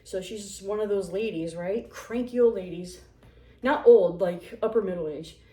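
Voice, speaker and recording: Woman in her forties, casual storyteller, sarcastic and animated, middle pitch, roomy echo. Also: normal speed. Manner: animated, sarcastic, acts out quotes. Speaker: vlogger.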